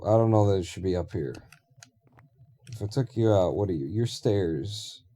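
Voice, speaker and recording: Dark-voiced man thinking aloud. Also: deep voice, slight background noise. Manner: rambling, thinks aloud, swears casually. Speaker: streamer. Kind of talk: casual live-stream commentary while building in a game.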